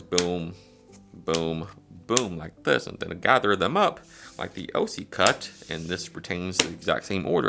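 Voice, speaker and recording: A man's voice: low voice, vocal fry, fairly bright tone. A man casually teaching a card trick step by step, with frequent fillers, counting cards aloud as he demonstrates. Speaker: magic tutorial presenter.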